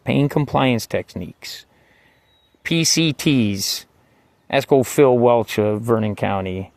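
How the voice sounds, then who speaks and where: A gravelly mid-range male voice, recorded dry, rambles through a casual account of his jail time. He's wry and foul-mouthed, leans constantly on "like" and "you know," and veers between soft asides and heated eruptions.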